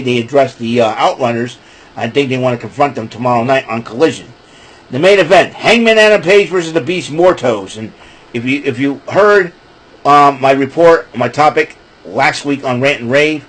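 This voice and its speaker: A man's voice: medium pitch, rough recording. A man hosting a casual wrestling recap show, talking in a rambling, chatty way. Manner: rambling, chatty, breaks into laughing fits.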